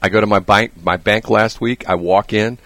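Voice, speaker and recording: A male radio host chatting casually in a studio, telling stories animatedly and laughing often, his voice a bit hoarse. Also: fairly low pitch, fairly even intonation, moderate pace, fairly bright tone, no room sound. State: slightly hoarse. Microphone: studio microphone.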